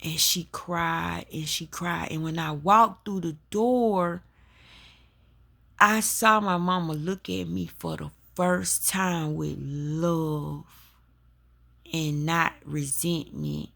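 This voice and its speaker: Speaking slowly with a deep, steady voice that's gravelly yet a bit bright, this woman shares a personal testimony with her listeners. She builds it into an emphatic spiritual lesson, calling them y'all, as a spiritual talk host.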